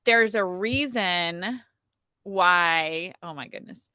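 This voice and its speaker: A woman with a bright, clear voice tells a personal story in a relaxed podcast chat. She is animated and talkative and fills her sentences with "like" and "um". The sound is close and dry. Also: on the low side, takes it slowly, no echo. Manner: chatty, frequent "like" and "um" fillers, animated retelling. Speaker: podcast guest telling her birth story. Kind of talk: casual conversational storytelling.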